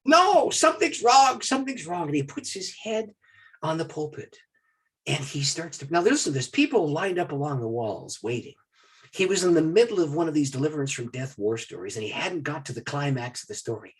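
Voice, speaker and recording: A man's voice: a little high, fairly quick, slightly rough. A man, a pastor, telling a long personal story in a podcast interview and acting out what the other people in it said. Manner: animated storyteller who acts out what others said.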